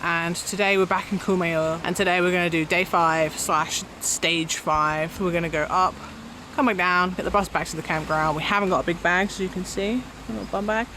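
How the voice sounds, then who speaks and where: Relaxed young woman vlogger outdoors. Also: fairly low pitch, normal speed, slight background noise. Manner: relaxed, explaining step by step. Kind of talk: casual travel vlog chat.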